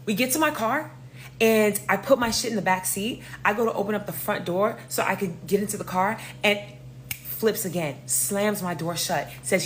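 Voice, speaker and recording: A woman telling a casual storytime, animated, swearing and dramatic. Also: medium pitch, a little fast, slight background noise. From New York.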